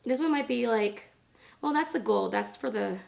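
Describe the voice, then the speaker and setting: A woman in her thirties, hoarse from laryngitis, chatting casually and rambling through a makeup tutorial. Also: fairly high pitch, animated, moderate pace, a little mellow. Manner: chatty, rambling, lots of fillers. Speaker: beauty vlogger.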